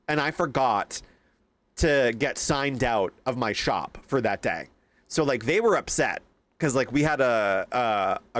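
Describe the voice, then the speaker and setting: A young man streaming a game, casually reacting to chat and telling animated stories with plenty of swearing. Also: medium pitch.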